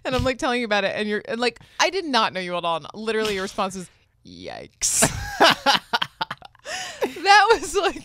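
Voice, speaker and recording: A woman's voice: on the high side, moderate pace, long pauses, dry recording. A woman co-hosting a podcast, laughing often and protesting the host's teasing in casual chat. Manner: giggly, protesting, animated. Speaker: podcast co-host.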